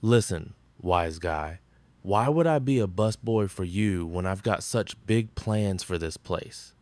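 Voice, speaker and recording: An actor playing a gruff, blustering middle-aged diner cook in a sitcom. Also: male voice, deep voice, animated, slow pace, a little mellow, no echo. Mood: indignant. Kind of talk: sitcom acting.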